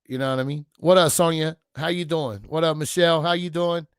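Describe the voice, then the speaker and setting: A man hosting a casual livestream, rambling loosely with slang and profanity, giving viewers shout-outs. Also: on the high side, steady tone, brisk, clear, resonant tone, no echo, clean studio sound. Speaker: livestream host.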